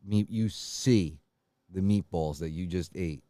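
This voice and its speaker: A man co-hosting a podcast, telling absurd stories in a deadpan way and directing comic bits. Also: low-pitched, slow pace, no echo, clean studio sound. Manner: deadpan storytelling breaking into mock wailing. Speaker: podcast co-host.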